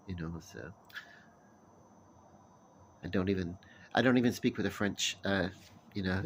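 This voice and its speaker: Rambling low-voiced man chatting casually. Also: slight background noise. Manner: rambling, with many fillers and restarts. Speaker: vlogger. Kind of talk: casual chat.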